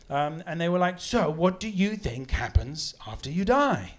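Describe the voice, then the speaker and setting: Animated man doing stand-up. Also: moderate pace, few pauses. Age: 30s. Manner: animated storytelling, shrill outbursts when acting indignant. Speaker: stand-up comedian. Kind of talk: stand-up comedy set. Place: pub comedy room with live audience. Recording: live pub gig with crowd laughter.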